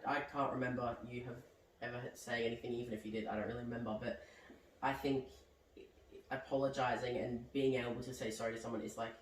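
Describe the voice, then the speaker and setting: A man's voice: mid-range voice, little pitch movement, fast talker. A young man talks casually and rambles, filling his sentences with "like". His voice comes from a little way off the mic in an echoey room. Faint noise sits behind him. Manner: rambling, heavy use of "like". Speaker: podcast guest. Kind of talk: casual chat. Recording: roomy echo, distant mic, faint background noise.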